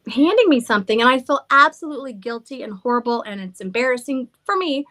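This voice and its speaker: A woman's voice: a little high, animated, fast talker, a bit bright. A middle-aged woman who owns a haunted house, rambling through stories in casual chat, laughing and swearing freely. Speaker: haunted villa owner.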